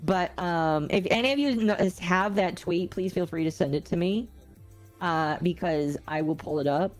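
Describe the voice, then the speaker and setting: Rambling lower-voiced woman streamer. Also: normal speed, faint music behind. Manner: rambling, self-correcting, chatty with viewers. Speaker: gaming streamer. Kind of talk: casual livestream chat.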